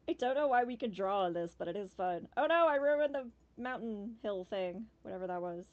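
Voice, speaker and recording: An animated woman streamer thinking out loud as she plays, with a bouncy voice that swings between high and low. She breaks into cursing now and then, and makes goofy sound effects. The recording is a little dull and lo-fi. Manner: chatty and animated, swearing, making playful noises. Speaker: streamer playing a game demo. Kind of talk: casual gameplay commentary.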